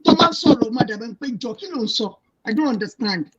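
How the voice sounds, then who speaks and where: A woman's voice: on the high side, lively intonation, fairly quick, crowd noise. A Nigerian woman in casual chat, making her point with emphatic, indignant repetition. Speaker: panel guest. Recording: muffled lo-fi audio.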